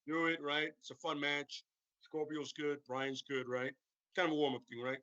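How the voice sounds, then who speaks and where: A man's voice: a little high, little pitch movement, moderate pace, bright, forceful tone, no echo, highs cut off. A man hosting a stream, rambling casually about wrestling storylines and tagging sentences with "right?" and "you know what I'm saying?". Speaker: stream host.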